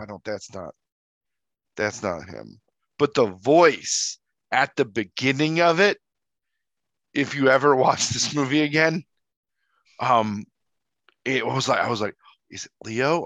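A man's voice: mid-range voice, a bit bright, dry recording. A man co-hosting a casual movie-review podcast, chatty and teasing as he tells stories. His voice sits in a mid range. The recording is dry and slightly dull. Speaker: podcast co-host.

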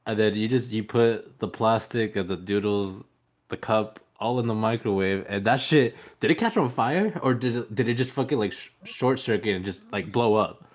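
A man's voice: on the low side, moderate pace. A young man co-hosting a podcast, telling stories in a rambling way with lots of swearing and laughing. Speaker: podcast co-host. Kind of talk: casual chat.

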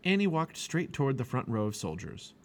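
A man reading a children's chapter book aloud with expressive storytelling. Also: medium pitch, fairly quick, a little hiss or hum. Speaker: family podcast reader.

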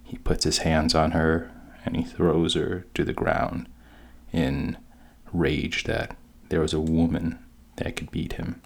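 A man casually retelling a story in an unhurried, halting way. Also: a bass voice, completely flat delivery, gravelly.

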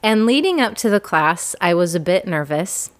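Host in her thirties, slightly low voice, candid and self-deprecating personal storytelling. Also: sing-song, moderate pace.

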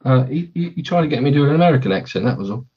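A man's voice: medium pitch, lively intonation, very fast, breathy edge, dull audio. A man hosting a podcast in casual chat, rambling and correcting himself as he talks. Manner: rambling, self-correcting, chatty. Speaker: podcast host.

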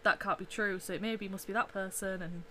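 A woman's voice: medium pitch, fairly even intonation, a little fast, fairly bright tone, slight background noise. A woman artist in casual chat who agrees readily and rephrases her points as she talks.

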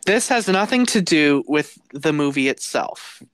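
A man co-hosting a podcast, telling a story in a casual, animated way, laughing and swearing as he goes. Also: a little high, a little slow, no room sound. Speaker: podcast co-host.

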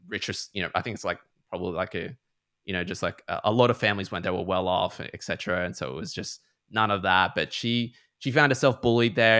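A man's voice: fairly low pitch, bright, forceful tone, no room sound, clean studio sound. A man retelling a book in a casual podcast chat, rambling and full of fillers. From Australia. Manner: rambling, heavy on fillers like "like" and "you know".

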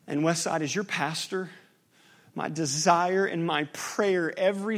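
A man's voice: a little high, measured pace. Man preaching a conversational, impassioned sermon. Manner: conversational, building to impassioned climax. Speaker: pastor.

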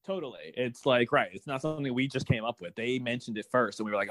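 A man's voice: medium pitch, quick pace, fairly bright tone, no room sound. A man in a mid-range voice shares frank opinions about a TV episode on a casual podcast. He laughs readily, swears now and then, and sighs when it let him down. The sound is dry and close. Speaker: podcast co-host. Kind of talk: casual TV recap chat.

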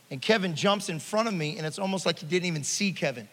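A man preaches with a high, ringing voice that carries through a hall with long reverb. He tells stories in a hushed tone, then rises into loud, stirring calls to his congregation. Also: fast. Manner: storytelling preacher, swings between hushed and loud. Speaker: pastor. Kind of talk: sermon.

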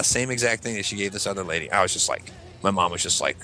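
A man in his thirties with a Midwestern American accent, co-hosting a casual podcast and telling animated stories full of swearing and shrill falsetto impressions. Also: quick pace, slight background noise. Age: 30s. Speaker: podcast co-host. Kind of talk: casual storytelling chat.

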